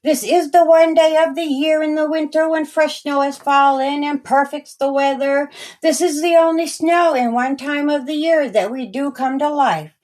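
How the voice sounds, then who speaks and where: A woman's voice: high-pitched, steady tone, moderate pace, darkish tone, natural voice. A woman reading a kindly snowman dad. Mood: calm, friendly. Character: kindly snowman father, made of snow.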